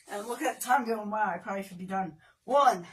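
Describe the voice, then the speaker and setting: Speaking at a medium pitch, this woman runs a casual livestream workout, joking with her viewers while she counts reps and moves through the exercises, now and then slipping into playful, off-key singing. Her exertion occasionally makes her sound strained. She's recorded from a distance against a noisy background.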